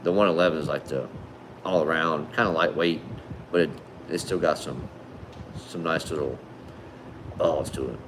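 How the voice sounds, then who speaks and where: A man with a deep, low voice chats casually on a livestream, greeting viewers with friendly, laid-back shout-outs. His speech is relaxed and conversational, peppered with "man" and "brother". A faint hum sits underneath. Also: moderate pace, long pauses. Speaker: livestream host. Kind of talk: casual livestream chat reading viewer comments.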